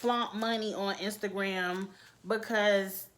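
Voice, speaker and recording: A woman's voice: mid-range voice, fairly even intonation, takes it slowly, fairly bright tone. A woman giving blunt, candid, chatty commentary as a reality TV reviewer. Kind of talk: casual opinionated commentary.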